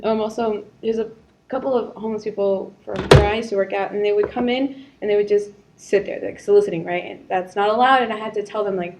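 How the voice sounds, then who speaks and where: A woman's voice: medium pitch, fairly even intonation, fast talker, heavy background noise. A young woman co-hosting a casual podcast chat, telling stories from her teenage job with lots of laughter and acted-out quotes. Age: young adult. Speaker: podcast co-host.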